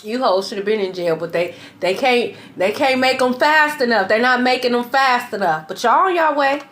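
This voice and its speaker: A woman's voice: on the high side, animated, moderate pace, fairly bright tone, slight background noise. A young woman tarot reader ranting in a blunt, profane, repetitive monologue. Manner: blunt, profane, repeats herself.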